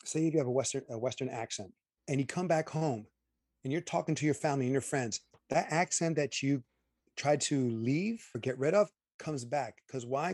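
A man's voice: mid-range voice, dry recording, clean studio sound. A man co-hosting a casual movie review chat, emphatic and opinionated as he airs his gripes. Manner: opinionated, emphatic, animated asides. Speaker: podcast co-host.

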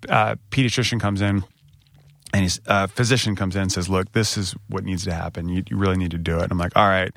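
A man in his thirties with an American accent, co-hosting a podcast and telling a personal story candidly, getting animated when he quotes people. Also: low-pitched, fast, creaky, dry recording. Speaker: podcast co-host. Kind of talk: casual storytelling chat.

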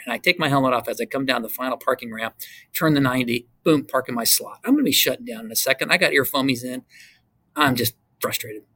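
An older man, a retired fighter pilot from the United States, telling stories in an interview and acting out the other people's voices in them. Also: medium pitch. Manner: acts out voices in his stories, swings between loud and hushed. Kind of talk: animated storytelling in an interview.

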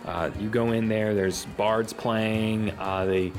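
A man narrating as game master of a tabletop game, lively and halting, with many fillers. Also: on the low side.

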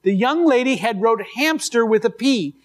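High-voiced male pastor preaching. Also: animated, normal speed. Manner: conversational storytelling with restarts. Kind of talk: sermon.

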